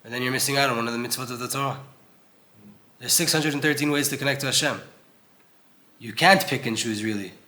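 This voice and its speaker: Bright-voiced man giving an earnest Torah class. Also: mid-range voice, quick pace, long pauses. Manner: earnest, conversational, acts out quoted voices. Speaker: Torah teacher. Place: old synagogue.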